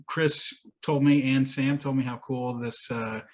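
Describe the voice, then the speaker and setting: A man chats on a podcast with a husky, middle-pitched voice. He tells a long rambling story, swears freely and laughs often as he goes. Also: fairly even intonation, measured pace. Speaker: podcast co-host. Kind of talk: casual chat.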